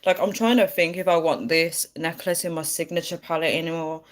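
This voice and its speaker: A woman's voice: low-pitched, fairly even intonation, a little fast. A woman chatting casually on a live stream, giggling and reading out viewer comments.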